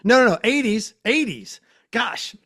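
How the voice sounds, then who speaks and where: A man's voice: very high voice, expressive, unhurried, a bit bright, slightly rough. A man hosting a podcast interview over a video call, talking in an effusive, enthusiastic way and laughing easily. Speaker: podcast host. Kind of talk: casual interview chat.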